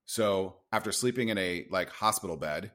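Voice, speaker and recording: A man in his thirties with a fairly low voice tells a story in a relaxed podcast chat. He talks with animation and fast bursts, and he acts out other people's lines as he goes. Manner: animated, quick storyteller who acts out quotes. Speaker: podcast guest.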